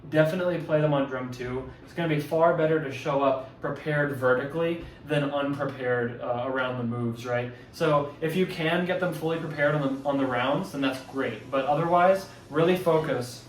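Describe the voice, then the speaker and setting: Here a drumline instructor, his pitch fairly high, speaks at normal speed with hardly any pauses. He loosely runs through audition exercises for drumline, correcting himself and using fillers, recorded from a distance in a room full of echo.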